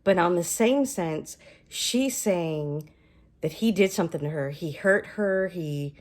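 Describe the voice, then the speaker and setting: A lower-pitched woman with a Southern US accent talks casually to her viewers as a book reviewer. She retells the story with animated energy and slips into quick voices for the characters.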